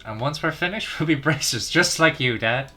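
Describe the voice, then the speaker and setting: A man voicing a cheerful, energetic teenage girl while reading game dialogue aloud, with an upbeat, bubbly delivery. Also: on the high side, moderate pace. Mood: determined.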